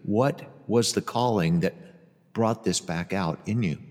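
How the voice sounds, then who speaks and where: Guy with a lowish voice asking rambling questions, lots of reverb. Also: measured pace, darkish tone. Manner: rambling, friendly questions with fillers. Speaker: interviewer. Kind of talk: casual interview. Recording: long reverb.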